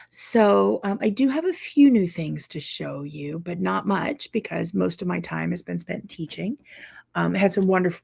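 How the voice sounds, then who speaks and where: A tired woman quilting teacher talks casually to her viewers in a low, gravelly, husky voice. She rambles in a friendly way, with yawns and breaks in her speech from lack of sleep. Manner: tired, yawning, chatty, warm with viewers. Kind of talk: casual live chat to viewers.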